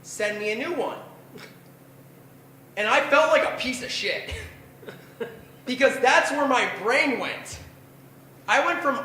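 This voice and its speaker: A man's voice: extremely high pitch, pushed and bright, heavy reverb, a little hiss or hum, rough recording. A man in his twenties telling a rambling, profane, self-deprecating story as a stand-up performer at a bar open mic night. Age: 20s.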